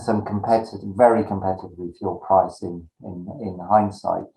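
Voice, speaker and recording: A man, a farm business partner, answering interview questions in a measured, methodical way. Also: fairly low pitch, dark tone, roomy sound, low-quality recording.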